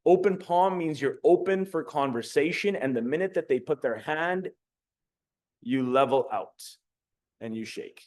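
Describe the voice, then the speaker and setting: A man's voice: a little high, measured pace. A young adult man giving a casual motivational talk as a communication coach, swearing freely and acting out quotes. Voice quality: swearing, animated storytelling with acted-out quotes.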